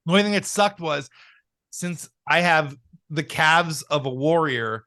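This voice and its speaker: A young man co-hosts a podcast, unhurriedly spinning a rambling story in casual chat and laughing often. His voice is fairly high in pitch with a sharp tone.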